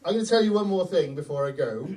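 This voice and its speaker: A middle-aged comedian tells brash, profane stories on a club stage. His voice sits a little high and swings widely as he animates each bit. He is picked up from a distance, so the room carries his voice. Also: lively intonation, quick pace, heavy background noise. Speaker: stand-up comedian. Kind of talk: stand-up comedy set.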